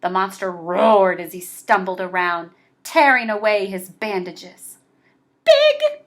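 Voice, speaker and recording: Here a woman reads aloud from a children's picture book. She takes it slow and puts lots of expression into it, her voice pitched in the middle range.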